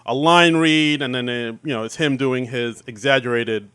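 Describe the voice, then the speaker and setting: A man's voice: mid-range voice, moderate pace, a bit bright, smooth, no room sound. A man co-hosting a podcast, recapping comedy sketches in a rambling way, with lots of fillers and laughter. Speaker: podcast co-host. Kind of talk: casual chat recapping sketches.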